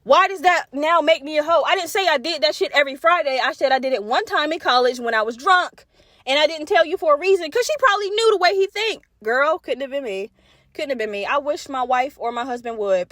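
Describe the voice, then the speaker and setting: High-voiced woman telling a profane story. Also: no echo, studio quality. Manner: animated, profane, acts out quoted voices. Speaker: podcast host. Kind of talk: solo podcast storytelling.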